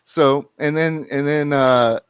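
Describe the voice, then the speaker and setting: A man's voice: on the high side, steady tone, slow, clean tone, no room sound. A man, calling in and telling a long story in casual chat, rambling with restarts and repeats. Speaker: caller. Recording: muffled lo-fi sound.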